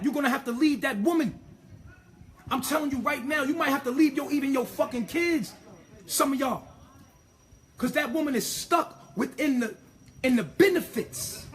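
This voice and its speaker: A man's voice: very high-pitched, a bit bright, a little hiss or hum. A man delivering an impassioned, profane monologue, emphatic and ranting, tripping over repeated words as he pushes his point.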